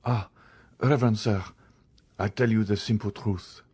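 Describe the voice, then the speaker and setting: A man's voice: fairly low pitch, fairly even intonation, unhurried, dark tone, slightly rough. A man reading the part of a frightened, evasive escaped convict pleading with a priest in an audiobook.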